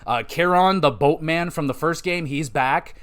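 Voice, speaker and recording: An excitable young man from Canada rambles through a game review in relaxed, casual podcast chat, his voice sitting a touch higher than most men's. He swears freely and slips into quick impressions of characters as he talks. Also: smooth. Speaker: podcast host.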